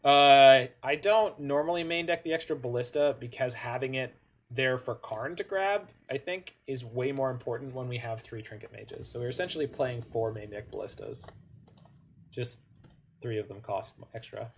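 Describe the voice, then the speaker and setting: A man's voice: medium pitch, normal speed. Man musing aloud over a card game. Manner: musing, thinks aloud with frequent self-corrections and asides. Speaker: gamer commenting on his own online card game matches. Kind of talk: casual gameplay commentary.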